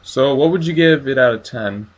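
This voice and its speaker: Man, casual movie review host, enthusiastic, mid-pitched voice. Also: normal speed, lo-fi sound. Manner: enthusiastic, asks questions. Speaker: host of a horror review channel.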